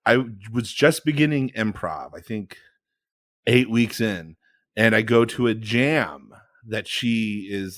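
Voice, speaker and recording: A man co-hosting a comedy podcast, telling a rambling improv story in casual chat, often trailing off quietly. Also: fairly low pitch, no room sound, studio quality. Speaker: podcast co-host.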